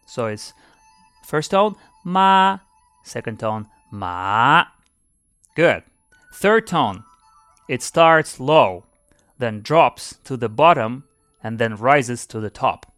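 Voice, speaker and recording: A man hosting a podcast lesson, speaking deliberately and demonstrating sounds by repeating syllables. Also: medium pitch, animated, a bit bright, dry recording, faint music behind. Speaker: language teacher and podcast host.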